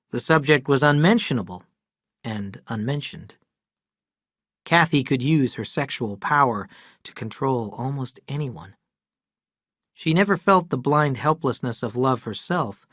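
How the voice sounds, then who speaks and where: Man reading a storybook, measured. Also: medium pitch, a bit bright, dry recording, studio quality. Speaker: narrator. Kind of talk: scripted audiobook narration.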